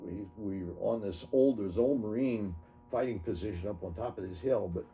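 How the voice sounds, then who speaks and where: A man in his seventies, an army veteran, recounting his memories in an oral history interview, halting and correcting himself as he goes. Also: fairly low pitch, warm tone, soft background music. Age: 70s. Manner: halting, self-correcting storytelling.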